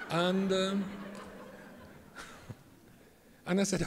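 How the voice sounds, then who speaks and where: A man's voice: high voice, flat delivery, drawn-out words, pauses often. A man, a rabbi giving a humorous storytelling lecture, wry and self-mocking. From England. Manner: wry, self-mocking, tells jokes and does voices. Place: convention hall. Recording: reverberant hall, faint background noise.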